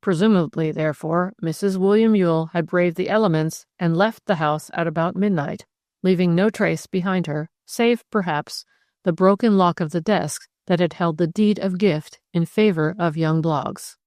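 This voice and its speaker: A woman narrating a classic mystery audiobook in a measured reading. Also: fairly low pitch, darkish tone, dry recording, studio quality. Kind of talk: scripted narration.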